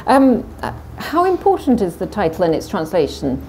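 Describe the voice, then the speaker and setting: A woman's voice: mid-range voice, huge pitch swings, normal speed, mellow, a little hiss or hum. A woman chairing a festival panel who talks in a friendly, hesitant way with frequent ums. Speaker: event chair. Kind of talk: moderating a panel. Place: festival stage.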